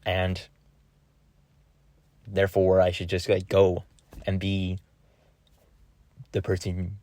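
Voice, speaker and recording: Low-voiced young man rambling casually. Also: completely flat delivery, slow, dark tone, no echo. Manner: rambling, laughs often, slangy. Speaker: vlogger. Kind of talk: casual personal chat.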